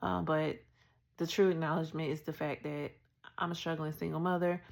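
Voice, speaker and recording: Gravelly-voiced woman telling her story. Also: deep voice, fairly quick. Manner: candid, animated retelling with acted quotes. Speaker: podcast host. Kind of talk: personal storytelling.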